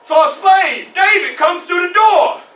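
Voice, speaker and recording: A male reenactor playing a formerly enslaved man who recounts his youth in an animated one-man stage show, shouting at tense moments, in a library room. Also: very high voice, a little slow, voice pushed up, heavily acted. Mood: intense. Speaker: historical reenactor. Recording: roomy library room, mic far off.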